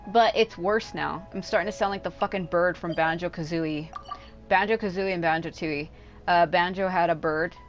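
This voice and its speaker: A woman with a raspy voice chatting casually and swearing often while commenting on her gameplay, rambling off into asides. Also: on the low side, fairly even intonation, moderate pace. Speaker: gaming YouTuber. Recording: game music behind the voice.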